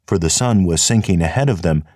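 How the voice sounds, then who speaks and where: A man reading an audiobook in a measured, expressive narration. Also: low voice, no room sound, studio quality. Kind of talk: scripted narration.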